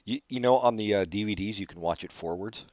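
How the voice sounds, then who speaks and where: A man's voice: lowish voice, fast talker, a little mellow, no echo. A man co-hosting a casual late-night podcast chat, joking and punning as he rambles. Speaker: podcast co-host. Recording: dull lo-fi dry recording.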